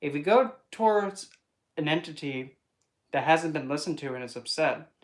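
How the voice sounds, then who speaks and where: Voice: medium pitch, expressive, normal speed. Playful vlogger, casual monologue, rambling, jokey asides. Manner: chatty and rambling, acts out voices in quotes. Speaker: spiritual vlogger.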